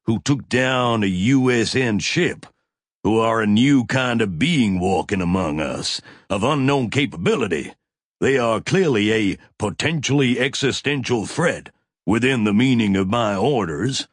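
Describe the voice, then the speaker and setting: A man playing a smug, smooth officer. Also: fairly low pitch, animated, no room sound, studio quality. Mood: insistent. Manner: measured and dismissive.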